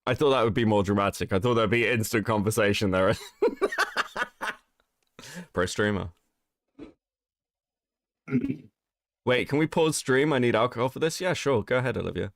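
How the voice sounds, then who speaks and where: A man's voice: lowish voice, moderate pace, pauses often, no echo, clean studio sound. A man hosting a casual livestream while sick, reading chat aloud, swearing and laughing often. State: sick, rough voice. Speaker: streamer host.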